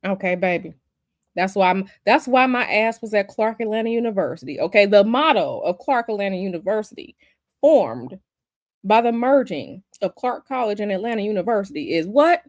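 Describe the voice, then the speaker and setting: A woman's voice: medium pitch, lively intonation, moderate pace, no echo, studio quality. A woman hosting a casual livestream, chatty and sassy, calling her viewers y'all and baby. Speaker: livestream host.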